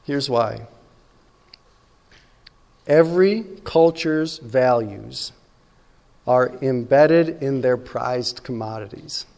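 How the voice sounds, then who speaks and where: A man's voice: medium pitch, very slow, creaky, pauses often, darkish tone, long reverb tail. A man preaching a sermon as pastor, talking conversationally and often asking his listeners "right?".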